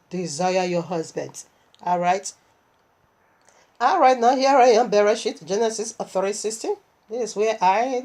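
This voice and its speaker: Unwell woman preaching animatedly. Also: a little high. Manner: animated, emotional storytelling with laughs. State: unwell and tired. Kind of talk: sermon.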